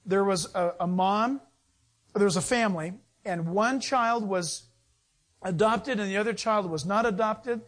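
Middle-aged male pastor, lively storyteller, high voice, sermon. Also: unhurried. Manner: storytelling, animated, acts out voices in anecdotes.

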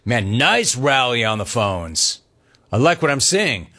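A man runs a sports talk radio show, trading quick banter with callers. His voice sits at an ordinary middle pitch, and he is animated and quick to mock.

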